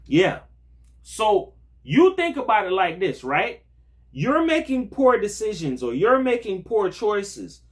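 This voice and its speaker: A young man giving a blunt, animated monologue full of street slang and profanity, acting out other people's voices as he tells his story. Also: high voice, takes it slowly. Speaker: vlogger. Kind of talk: casual monologue to camera.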